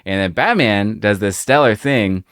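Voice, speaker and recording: Seorang pria membawakan podcast bersama, membahas komik dengan santai dan sering ragu memakai kata pengisi. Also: male voice, on the low side, moderate pace, smooth. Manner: relaxed, hesitant with fillers, retells scenes. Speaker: podcast co-host. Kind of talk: casual comic book discussion.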